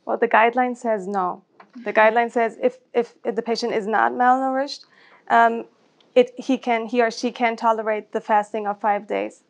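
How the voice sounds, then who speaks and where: A woman answering questions after a medical talk, measured, in slightly non-native phrasing. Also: on the high side, fairly even intonation. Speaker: medical speaker.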